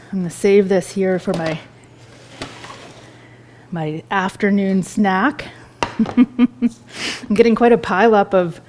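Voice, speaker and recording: A woman's voice: medium pitch, darkish tone. A woman, a chef giving a live cooking demonstration in a store kitchen, chatty and enthusiastic as she tastes food while she talks.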